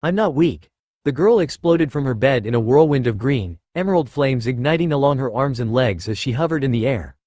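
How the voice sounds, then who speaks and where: A man narrating fan fiction with a lively, rising and falling delivery. His voice is steady and expressive, and the recording is close and dry, with no room echo. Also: mid-range voice, brisk, few pauses. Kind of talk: reading fan fiction aloud.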